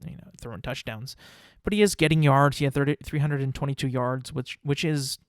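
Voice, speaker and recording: A young man hosting a podcast, talking through football results in a rambling, animated, self-mocking way. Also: mid-range voice, brisk, no echo, clean studio sound. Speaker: podcast host. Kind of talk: casual solo sports talk.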